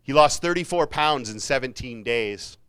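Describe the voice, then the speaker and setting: A man's voice: mid-range voice, expressive, moderate pace, a bit bright, clean tone. A man giving a casual, jokey motivational talk to students, with self-mocking asides, speaking in a university hall. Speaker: keynote speaker.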